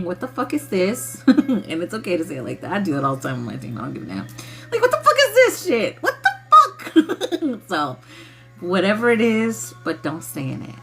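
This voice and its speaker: A woman's voice: lowish voice, fairly bright tone. Woman, livestream host; blunt and profane, laughs a lot, casual spiritual chat with faint music underneath.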